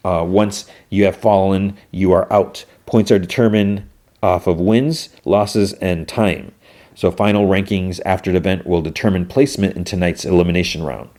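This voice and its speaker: Here the host's low voice sounds mellow and steady, moving at a moderate pace. He walks through the TV episode one scene at a time in a relaxed way, paraphrasing quotes and dropping in lots of fillers.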